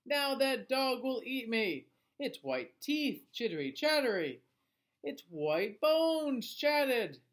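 A man's voice: high voice, big pitch swings, measured pace, a bit bright, full character voice. A man doing a clacking storybook skeleton. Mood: worried. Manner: playful, theatrical storybook voice. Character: clacking skeleton, lonely but friendly.

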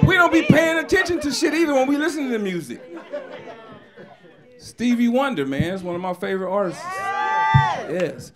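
A man doing a loud, crude stand-up comedy set on a club stage, shouting many punchlines. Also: very high-pitched, lively intonation, moderate pace, long pauses. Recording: live stage recording with crowd. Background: audience laughing.

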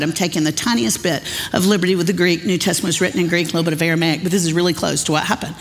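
A woman's voice: lowish voice, steady tone, racing, few pauses. Woman preaching in a reverberant hall. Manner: humorous, folksy storytelling. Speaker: pastor. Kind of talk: sermon. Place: large church auditorium. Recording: long reverb of a church hall.

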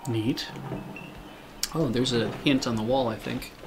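A man's voice: mid-range voice, fairly even intonation, a little slow, soft background music. A man co-hosting a game stream, making dry, wry remarks in casual commentary. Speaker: streamer co-host. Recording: noisy stream audio.

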